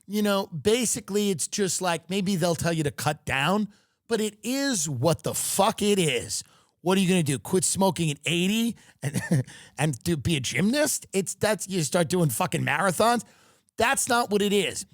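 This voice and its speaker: Sarcastic ranting man, very animated. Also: high voice, measured pace, no echo, studio quality. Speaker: podcast host. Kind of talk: comedic rant.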